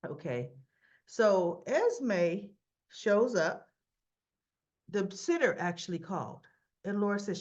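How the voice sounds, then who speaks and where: A chatty, opinionated woman in a casual recap. Her voice sits at an ordinary middle pitch, and she keeps slipping into the characters' lines. The sound is a little dull, as if recorded at home on a computer. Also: big pitch swings, slow pace, long pauses, a little mellow. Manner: chatty and opinionated, retells scenes acting out lines. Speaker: soap opera recap host. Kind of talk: casual chat.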